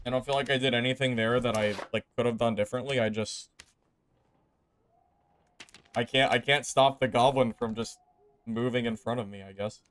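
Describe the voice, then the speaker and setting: Male streamer, mid-pitched, exasperated gameplay rant. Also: steady tone, normal speed, pauses often, fairly bright tone, slight background noise. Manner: frustrated, ranting, exasperated. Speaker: game streamer. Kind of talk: live gameplay commentary.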